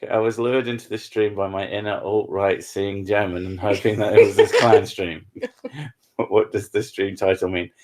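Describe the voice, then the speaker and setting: Low-voiced joking male streamer. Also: flat delivery, normal speed, a little mellow. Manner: joking, crude banter. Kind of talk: casual stream chat.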